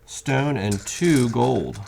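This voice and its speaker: A man's voice: medium pitch, expressive, drawn-out words, gravelly, background noise. A man in casual chat at a home game table, explaining rules step by step as he plays. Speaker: board game player. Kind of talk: casual chat while playing. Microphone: condenser mic.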